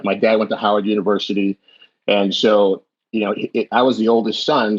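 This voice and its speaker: A man's voice: on the low side, a little mellow, husky. A middle-aged man who was born in the US and raised in Jamaica, telling his life story as a podcast guest in a reflective, rambling way with many restarts. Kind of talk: candid storytelling in a conversation. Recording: dull lo-fi audio.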